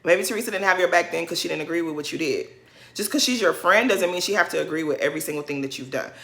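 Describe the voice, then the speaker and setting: A woman's voice: on the low side, fast talker, vocal fry, pushed and bright. A woman giving a blunt, opinionated recap of a reality TV episode, scolding the cast directly with slangy asides. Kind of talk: opinionated casual commentary.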